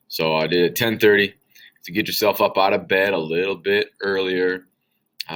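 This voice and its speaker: Low-voiced casual male science teacher. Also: a bit bright. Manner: casual, upbeat, chatty with filler words. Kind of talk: recorded class walkthrough.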